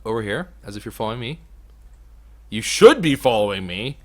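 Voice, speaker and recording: A young man giving casual let's play commentary as a gaming YouTuber, swinging from low mutters to loud excited outbursts. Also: a little fast.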